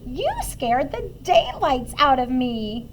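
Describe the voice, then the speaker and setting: A woman's voice: sits high, big pitch swings, unhurried, fairly bright tone, a little hiss or hum, heavily acted. A woman voicing a tiny, sweet old woman who is easily startled but firm, exclaiming and scolding in a storybook reading. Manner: gasping exclamations, scolding when stern.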